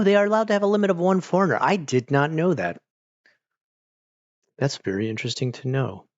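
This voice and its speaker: A man talks loosely to his livestream viewers from his couch at home, cursing freely and circling his points with endless "like"s and half-started sentences. His voice sits at an ordinary middle pitch. The sound is a little muffled and very dry. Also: no room sound. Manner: rambling, profane, full of "like" and restarts. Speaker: streamer chatting with viewers. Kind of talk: casual livestream chat. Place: at home on a couch with a pet nearby.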